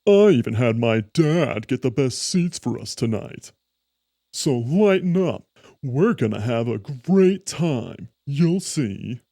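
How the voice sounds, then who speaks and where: A man's voice: lowish voice, lively intonation, unhurried, a bit bright, no room sound, studio quality. A man voicing a smug young man showing off on a date, boastful and overly upbeat. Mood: cocky.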